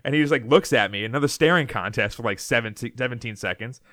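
A man's voice: mid-range voice, fast, fairly bright tone, no echo, clean studio sound. A man co-hosting a podcast, telling a long story in a loose, rambling way, often laughing and restarting his sentences. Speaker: podcast co-host. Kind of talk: casual storytelling chat.

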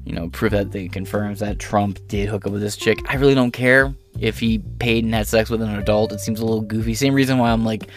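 A man's voice: on the low side, steady tone, fairly quick, few pauses, faint music behind. A man hosting an online political commentary show, reading news articles aloud and breaking off into rambling, profane, sarcastic asides.

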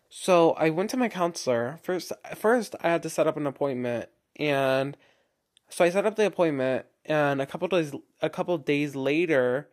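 A young man in his late teens hosting his own podcast, talking casually in a rambling way, full of fillers and restarts. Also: fairly high pitch. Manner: rambling, chatty, heavy filler "like", frequent restarts. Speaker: podcast host. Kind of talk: casual solo podcast monologue.

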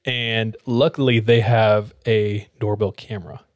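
Animated male storyteller in a dry room. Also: lowish voice, unhurried, no room sound. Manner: animated storyteller, acts out quotes. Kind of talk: casual storytelling chat.

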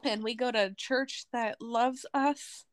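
A woman's voice: a little high, fairly even intonation, slow, dry recording. A woman from Arizona, a podcast guest, telling her personal testimony in an earnest, emotional way.

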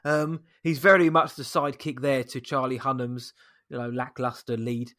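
A man in a casual film review chat, measured and critical in his opinions. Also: medium pitch, flat delivery, a bit bright.

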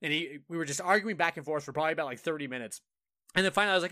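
A man's voice: fairly high pitch, very fast, sharp tone, no echo, clean studio sound. A man co-hosting a casual gaming podcast, telling stories animatedly, acting out voices in quotes and laughing often. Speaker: podcast co-host.

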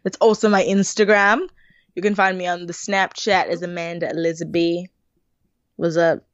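A woman co-hosting a podcast in casual chat, telling stories in an animated, giggly way. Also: fairly low pitch, normal speed, no room sound. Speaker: podcast co-host. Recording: slightly dull, lo-fi sound.

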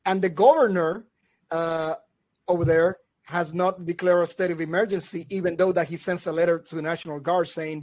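Speaking a little high and a little fast, a man on a podcast spins a wild tale in relaxed conversation. He's the co-host, an animated storyteller who keeps laughing and performs the voices of the people he quotes.

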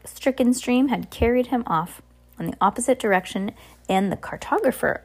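Young mom reading a storybook aloud, informal, trips over words and adds asides. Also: female voice, medium pitch, darkish tone. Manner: informal, with restarts and chatty asides. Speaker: parent reading aloud to her child. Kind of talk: casual storybook read-aloud.

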